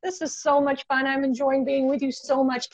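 High-voiced woman hypnotist telling stories. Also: moderate pace, lo-fi sound. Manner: animated storytelling, acts out client dialogue. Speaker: guest hypnotist. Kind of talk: casual teaching talk.

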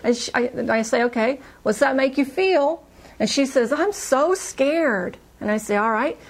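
A woman recounting a hypnosis session in a lively, animated way, her voice sitting a little high. She jumps up in pitch whenever she voices the client's scared lines. It sounds like casual podcast storytelling. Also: normal speed. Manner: animated, acts out client's quotes in higher voice.

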